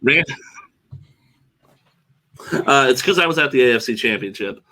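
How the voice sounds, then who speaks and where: A man's voice: medium pitch, expressive, a little slow, pushed and bright. A man guesting on a sports podcast, laid-back and self-deprecating. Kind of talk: casual podcast chat.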